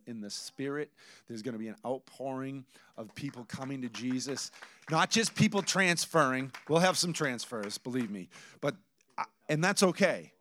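A man preaching a sermon, telling stories with quoted dialogue and building to emphatic loud bursts, then dropping to low intense asides. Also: no room sound. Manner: storytelling with quoted dialogue and restarts. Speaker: pastor.

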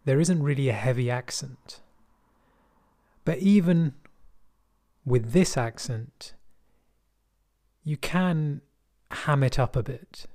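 A middle-aged man with a soft West London accent tells his own story at a steady, measured pace. His voice sits in an ordinary middle pitch, and his delivery is thoughtful, reflective and quietly wry. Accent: West London English. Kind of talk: personal storytelling.

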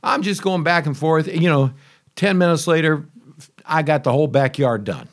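A man's voice: fairly high pitch, normal speed. A man telling a casual, rambling story to camera about testing a new mower, chatty and full of asides and grumbles. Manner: chatty, conversational, self-interrupting. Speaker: homeowner reviewing a lawn mower.

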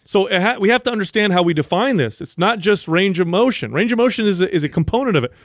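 A man's voice: high-pitched, expressive, fast talker, dry recording, clean studio sound. A man co-hosting a casual fitness podcast, explaining emphatically and correcting misconceptions. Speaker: podcast co-host.

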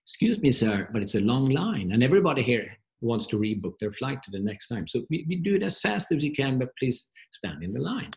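Man reads a patient female flight attendant, soft and friendly. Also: mid-range voice, big pitch swings, a little fast, few pauses. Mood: calm polite.

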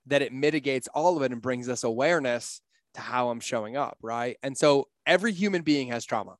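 A man's voice: medium pitch, a little fast, dry recording. A middle-aged man talking in a casual podcast conversation, blunt, profane and emphatic, telling stories from his life. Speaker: podcast guest, entrepreneur.

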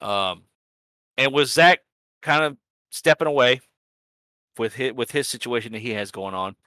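A man rambles through a racing season recap, cursing casually and laughing at himself. His voice is bright and forceful, at an everyday pitch, and the recording sounds dry and close. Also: normal speed, dry recording. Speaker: sim racing league organizer and podcast host. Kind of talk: casual profane recap chat.

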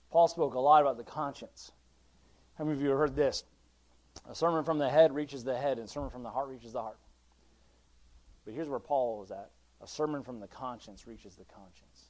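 A man's voice: medium pitch, fairly quick. A man preaching as pastor, talking conversationally with many restarts, rising to emphatic points and reading old-style scripture. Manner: conversational, with frequent restarts and swings from quiet to emphatic; reads scripture in King James wording. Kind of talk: sermon.

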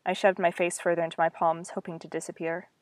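A woman's voice: lowish voice, level tone, fast talker, no echo. A young woman reading her own old story aloud, breaking off for wry, self-mocking asides. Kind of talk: reading aloud with casual commentary.

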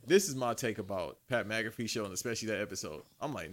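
A man's voice: lowish voice, quick pace. A man co-hosting a casual chat, joking around in slangy banter.

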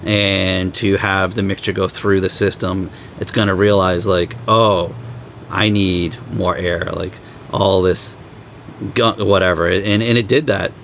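A young man hosting a podcast, telling road stories in a casual, animated way and acting out other people's lines. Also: measured pace, a little hiss or hum. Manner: animated storyteller, acts out quoted people in higher voices. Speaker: podcast host. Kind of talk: casual storytelling chat.

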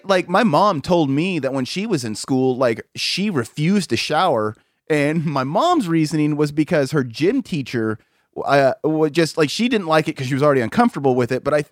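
A young man casually telling stories on a podcast, animated and swearing freely. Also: on the high side, no echo, studio quality. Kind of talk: casual chat.

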